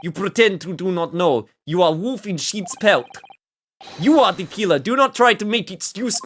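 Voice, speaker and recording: A man reading a cold, accusing male Russian officer in a put-on mock Russian accent, with deliberately broken phrasing. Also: high voice, lively intonation, fairly bright tone, a little hiss or hum, voice pushed up.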